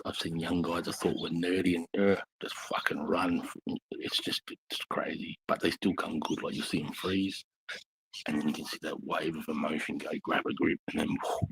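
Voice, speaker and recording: A man's voice: low voice, steady tone, normal speed, a little hiss or hum, low-quality recording. A middle-aged man with an Australian accent, a veteran telling blunt, swearing war stories in casual bar chat. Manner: blunt, heavy swearing, intense.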